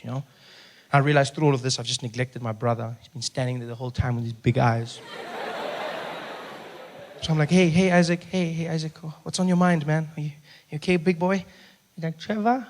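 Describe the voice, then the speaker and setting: A South African man telling a story on a comedy stage, his voice pitched high and running quickly. He slips in and out of the people in his tale and bursts into loud shouts at their antics. He is heard through a handheld stage mic. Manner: animated, acts out characters with sudden loud outbursts. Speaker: stand-up comedian. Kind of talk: stand-up storytelling. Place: theater stage before a live audience.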